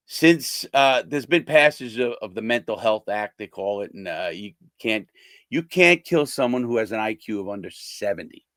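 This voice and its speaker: A man's voice: medium pitch, a bit bright, dry recording. An older man, a former prisoner, talking bluntly and casually to his viewers, swearing and acting out the people he quotes.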